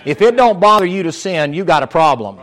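A man's voice: high voice, animated, a little fast, fairly bright tone. A man preaching a sermon, moving from folksy storytelling to fervent exhortation.

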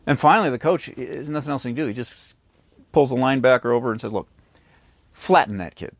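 A man's voice: mid-range voice, fairly even intonation, fast talker, creaky, no room sound. A man preaching a sermon who acts out the voices of the people in his stories. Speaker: pastor.

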